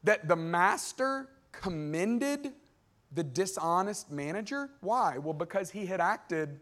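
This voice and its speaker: A man preaching a sermon in a lively, conversational way, acting out characters and tossing asides to the crowd. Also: sits high. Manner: acts out characters in quick voiced exchanges. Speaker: pastor.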